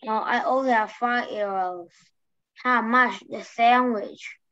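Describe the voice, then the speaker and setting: A woman's voice: on the high side, fairly even intonation, slow pace, a bit bright, highs cut off. A woman in an online English lesson, hesitantly practicing simple phrases as a learner. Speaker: English student.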